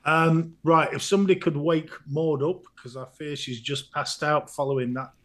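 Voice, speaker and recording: A man co-hosting a casual live stream, playfully greeting chat viewers by name with bursts of loud laughter. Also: fairly high pitch, steady tone, normal speed.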